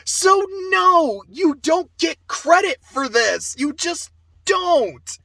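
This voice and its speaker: A young man giving a casual spoken game review, animated, swearing and going off on asides. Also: very high-pitched, takes it slowly, vocal fry, background noise. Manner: animated, swears, laughs often, trails off into asides.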